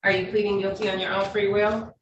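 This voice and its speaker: A woman judge presides over a hearing on a video call, steady and procedural in her questions. Her voice sounds roomy and set back from the microphone, with a faint hiss behind it. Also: medium pitch, dull audio. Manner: measured, procedural, polite. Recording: echoey, distant, faint noise.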